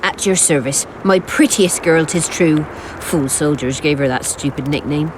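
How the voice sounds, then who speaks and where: An actress playing a shrewd, businesslike brothel madam in a video game. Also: female voice, deep voice, noisy background, lightly acted. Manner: businesslike and brisk. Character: shrewd brothel madam, middle-aged woman.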